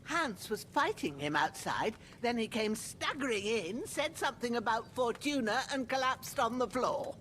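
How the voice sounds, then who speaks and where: A woman's voice: fairly high pitch, lively intonation, normal speed, hardly any pauses, a bit bright, a little hiss or hum. A woman voicing an old rustic village healer in a video game, talking in a homely, folksy, motherly way.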